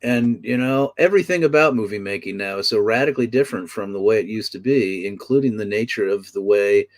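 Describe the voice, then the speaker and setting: Thoughtful older actor, wry and articulate. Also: male voice, fairly low pitch, fairly quick. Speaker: actor guest. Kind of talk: casual interview chat.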